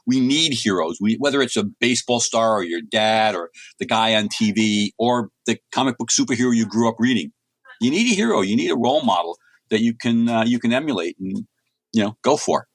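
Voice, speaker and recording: A man's voice: on the low side, animated, fairly quick, no room sound. A middle-aged man from the United States, a comics writer telling rambling anecdotes as an interview guest. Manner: chatty, rambling anecdotes with many restarts. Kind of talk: casual storytelling in an interview.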